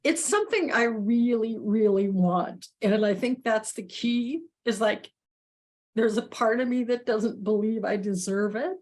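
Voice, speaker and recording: A woman sharing something personal in a group session, halting and tearful, restarting often and laughing nervously. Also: a little high, darkish tone. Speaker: workshop participant.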